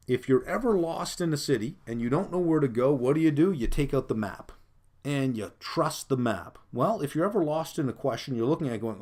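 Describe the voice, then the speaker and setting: A man's voice: mid-range voice, lively intonation, brisk, darkish tone. Male finance lecturer, step-by-step explaining, asks the class questions, lots of uhs. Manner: explanatory, many fillers, asks rhetorical questions. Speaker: finance instructor. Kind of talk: recorded exam-prep lecture.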